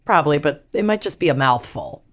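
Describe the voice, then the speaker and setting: A woman's voice: sits low, animated, a little fast. A young Minnesotan woman co-hosting a podcast, joking with playful sing-song asides. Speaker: podcast co-host. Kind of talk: casual banter.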